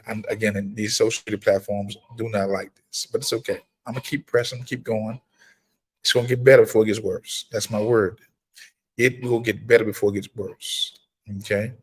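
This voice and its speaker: Preacherly man hosting a livestream. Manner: preacherly, repetitive, emphatic; breaks into high-pitched excited exclamations when greeting viewers. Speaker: firearms trainer and livestream host. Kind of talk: casual livestream talk. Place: gun laws in Maryland.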